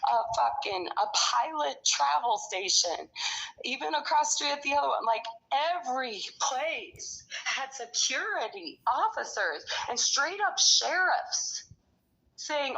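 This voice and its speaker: Middle-aged woman ranting, swears a lot, bright sharp voice, kinda high, muffled lo-fi audio. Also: expressive, a little slow, creaky, slightly rough. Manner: angry, profane, rambling storytelling. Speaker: storyteller recounting her own experiences. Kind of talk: casual conversation. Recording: dull lo-fi recording.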